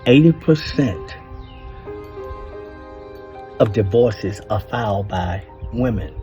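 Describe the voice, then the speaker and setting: An older man lectures other men on marriage in a casual monologue, blunt and preachy, cursing often and leaning hard on his points. His voice is lowish, mellow, and slow yet lively in intonation, and the dull-sounding audio carries soft background music.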